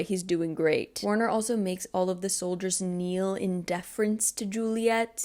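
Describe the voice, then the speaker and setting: A young woman chatting through a book recap for her channel. Her voice sits at an ordinary middle pitch. She talks in a relaxed, playful way with wry, sarcastic asides.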